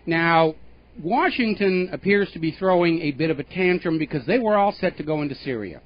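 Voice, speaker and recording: A man's voice: a little high, lively intonation, a little fast. A male radio talk show host giving opinionated political commentary in an emphatic, pointed way, with scornful asides. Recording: dull lo-fi radio broadcast.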